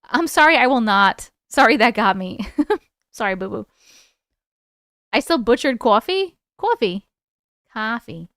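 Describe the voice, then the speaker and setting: A livestream host with a New York accent reads viewer stories and chats loosely with her audience, swearing freely and laughing a lot. Her fairly high, smooth, bright voice has lively intonation, a slightly slow pace, and long pauses, recorded dry and close with no room sound.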